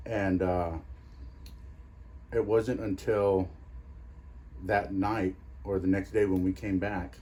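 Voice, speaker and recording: A man's voice: sits low, mellow, a little hiss or hum. A man who investigates the paranormal, telling a story in an interview in a rambling way.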